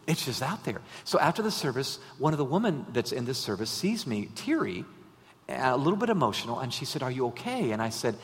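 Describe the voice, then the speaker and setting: A man preaching a sermon in a conversational style, drawing in his listeners with rhetorical questions and shifting between animated emphasis and quiet storytelling. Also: mid-range voice. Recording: long reverb of a large hall.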